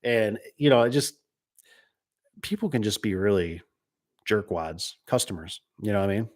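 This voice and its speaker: A man's voice: lowish voice, expressive, normal speed. A man who installs garage doors, telling rambling work stories in a casual, chatty way, with "right?" and "you know" scattered through.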